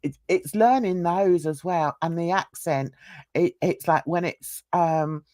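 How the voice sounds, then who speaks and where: A woman's voice: lowish voice, a little slow, a little mellow, no echo, clean studio sound. An older woman hosting a casual livestream chat, rambling and laughing often. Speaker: host.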